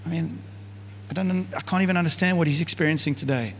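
A man preaching as a pastor, in a relaxed, conversational style full of fillers and asides. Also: on the high side, quick pace, slight background noise. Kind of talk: sermon. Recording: church hall with long reverb.

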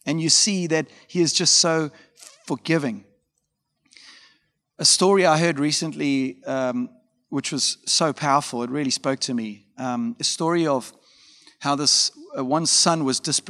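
A man's voice: on the high side, fairly bright tone. A man preaching a conversational sermon as a pastor, telling stories informally with frequent fillers and asides. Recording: long hall reverb.

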